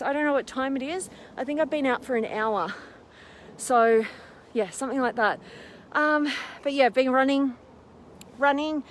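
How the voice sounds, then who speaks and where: A woman hosting a live stream while walking up a steep hill outdoors, out of breath, bubbly and full of fillers as she reads out viewer comments. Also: sits high. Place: outdoors in a windy park on a hill. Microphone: phone camera held while walking. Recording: faint outdoor noise.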